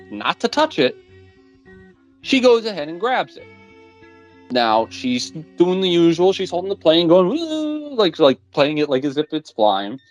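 A podcast co-host in casual chat, animatedly retelling a story and swearing bluntly along the way. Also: medium pitch. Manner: animated storytelling, retelling a plot with mock voices.

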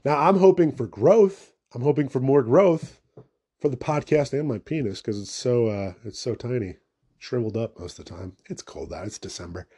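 A young man talks through his own podcast in a loose, rambling way, swearing often and laughing at himself. His voice has a warm, darker tone and sits at an ordinary pitch. He keeps it casual and unscripted. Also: moderate pace, breathy edge. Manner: rambling and profane, self-mocking asides. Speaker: podcast host. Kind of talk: casual solo podcast monologue.

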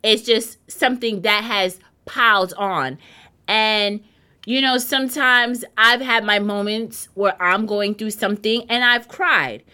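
A woman hosts her own show and talks freely to her listeners. Her voice is bright and forward, and her delivery is chatty and animated, with plenty of asides and questions to the audience. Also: mid-range voice, a little slow, clean tone. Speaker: show host. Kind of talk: casual talk show monologue.

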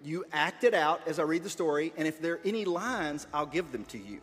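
Man, high voice, playful and encouraging, reads the story and directs the volunteers, big echoey room. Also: lively intonation, brisk, fairly bright tone, soft background music. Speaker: leader of a children's skit. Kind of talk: reading a story aloud while directing volunteers. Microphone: wearing a body mic.

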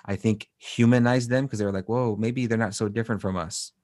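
A man's voice: lowish voice, steady tone, a little fast, a little mellow, no echo, clean studio sound. A man co-hosting a podcast, recapping an anime episode in a rambling way, with many fillers and restarts. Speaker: podcast co-host.

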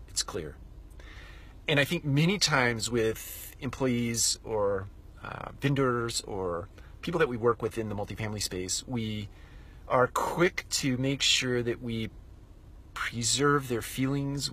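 Solo male podcast host, middle-aged, husky voice, thoughtful storytelling monologue. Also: medium pitch, a bit bright. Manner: reflective storyteller drawing a lesson.

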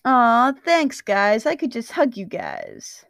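A woman voicing a cheerful, bubbly young man with a bright, upbeat, affectionate way of talking. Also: on the high side, wildly swooping pitch, takes it slowly, gravelly, no echo, clean studio sound, heavily acted.

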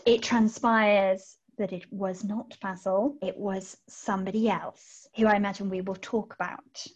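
A woman co-hosting a book podcast in casual chat, animated and giggly, often restarting her sentences. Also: medium pitch, a little slow. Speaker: podcast co-host. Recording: lo-fi dull audio.

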